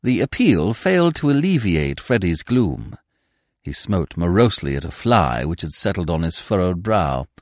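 A man narrating a classic comic novel in a measured, wry manner. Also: deep voice, big pitch swings, a little mellow, dry recording, clean studio sound. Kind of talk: storybook narration.

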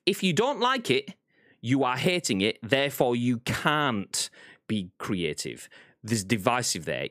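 A British man hosts a gaming news podcast, reading articles aloud and reacting with blunt, exasperated commentary. His medium-pitched voice has a fairly bright tone, captured dry at studio quality.

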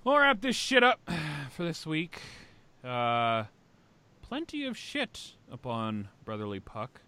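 Guy hosting a podcast, swears a lot, pitch jumping all over the place. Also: takes it slowly, clear, resonant tone. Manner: animated, swearing, big swings in pitch. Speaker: podcast host. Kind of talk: casual podcast chat.

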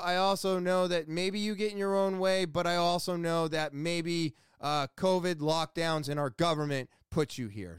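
A man's voice: fairly high pitch, smooth, no echo, clean studio sound. A young man telling everyday stories in a loose, profane, ranting monologue, with plenty of fillers and restarts. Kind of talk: casual monologue.

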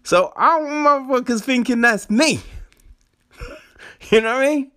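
Animated laughing man ranting casually. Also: very high-pitched, moderate pace, clear, resonant tone. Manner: laughs often, swears, animated rants. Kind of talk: casual chat.

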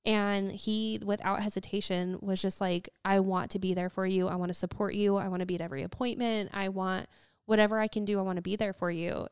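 Smooth-voiced young woman telling a story. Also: medium pitch, level tone, brisk, no echo, studio quality. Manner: chatty storytelling, quotes people, many fillers. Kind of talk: casual conversation.

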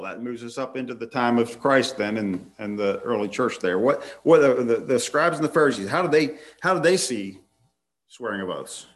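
A man's voice: medium pitch, fairly bright tone. A man preaching a sermon, laying out numbered points and reading scripture passages aloud, sometimes restarting his phrases.

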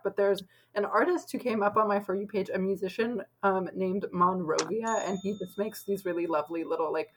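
A young woman co-hosting a podcast in easy, rambling chat. Her pitch sits in the middle, and she strings her thoughts together with a steady stream of "like". She sounds relaxed and conversational. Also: rough recording. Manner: chatty, lots of "like" fillers. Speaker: podcast co-host. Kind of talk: casual chat.

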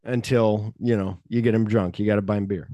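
A man's voice: on the low side, brisk. A man hosts a podcast, retelling scenes in a loose, chatty way. He jumps into raised voices for the quotes and swears freely. The sound is dry and close, with no room echo. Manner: animated storyteller, acts out quotes in a raised voice, swears often. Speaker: podcast host. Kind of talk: casual chat retelling a film script.

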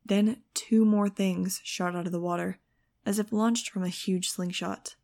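A woman narrating an audiobook, reading lively scripted prose. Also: medium pitch, unhurried. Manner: lively, shifting into excited first-person telling.

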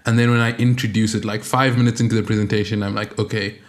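A man hosting a podcast interview, asking a long question with hesitant pauses and fillers. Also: lowish voice, level tone. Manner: hesitant, filled with "um" and "you know". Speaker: podcast host. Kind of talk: interview conversation.

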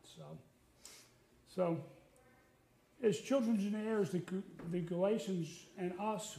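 A man's voice: high-pitched, slow, pauses often, mellow. A middle-aged man preaching a sermon in a conversational way, with fillers and restarts. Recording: echoey room.

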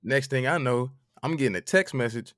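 A young man, telling an animated, profane story in casual chat. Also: mid-range voice, moderate pace, no room sound, clean studio sound.

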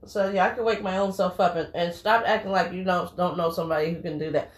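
A woman's voice: fairly low pitch, fairly even intonation, fast talker, roomy sound. A woman co-hosting a casual talk show, blunt and preachy, who swears casually. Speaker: podcast co-host. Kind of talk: casual chat.

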